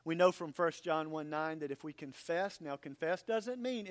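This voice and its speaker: A man's voice: fairly high pitch, lively intonation, normal speed. A man preaching a sermon as pastor, earnest and emphatic.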